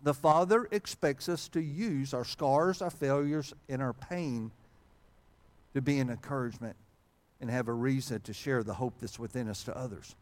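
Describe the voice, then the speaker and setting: Here a man of medium pitch and moderate pace preaches a sermon laced with humor. It's conversational, with frequent fillers and restarts, and he regularly reads old-style scripture phrasing aloud.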